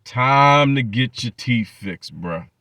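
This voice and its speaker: Bright, lively profane male commentator. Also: medium pitch, slow pace. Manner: mocking, profane rants with many repetitions. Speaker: channel host.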